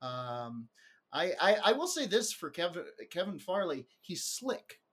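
A man's voice: high voice, big pitch swings, measured pace, fairly bright tone, husky. A man hosting a comedy podcast, joking and laughing often, trailing off with fillers. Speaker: podcast host. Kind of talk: casual comedy chat.

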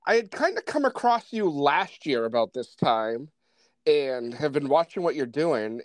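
A man's voice: on the high side, lively intonation, moderate pace, dry recording, poor audio. A man with a Rhode Island accent hosting a podcast, easygoing and hesitant, with lots of fillers. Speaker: podcast host. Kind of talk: casual interview chat. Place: Massachusetts home studio.

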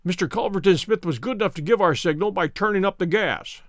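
A man voicing a brilliant, wry male detective who explains in a brisk, ironic, lecturing way. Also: high-pitched, fairly bright tone, no echo, clean studio sound.

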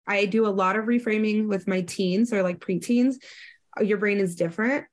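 A woman in her thirties talks through ideas in relaxed conversation. She explains step by step and now and then acts out short quoted lines. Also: mid-range voice, moderate pace. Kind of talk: casual educational chat.

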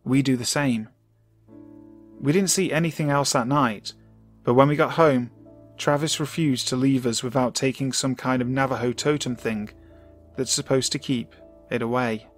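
A man reads a creepy story aloud in a calm, measured voice at a medium pitch. He slows down and drops his voice for tense moments. Faint music plays under his narration. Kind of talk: scripted narration. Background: soft music.

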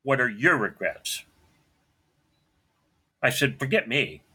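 Bright-voiced man, blunt, clearing his throat. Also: medium pitch, sing-song, slow pace. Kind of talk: personal storytelling.

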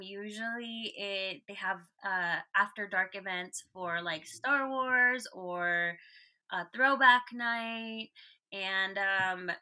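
A woman's voice: medium pitch, sharp tone. A woman guest on a podcast, chatting casually and rambling with lots of "like"s. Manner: rambling, many "like"s. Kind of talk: casual chat.

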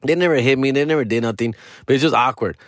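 A man's voice: mid-range voice, quick pace, no room sound, clean studio sound. A young man with a Chicano English accent, telling a rambling story in a casual rant full of slang and swearing, switching into Spanish now and then. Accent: Chicano English with Spanish mixed in. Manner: profane, slangy, animated storytelling.

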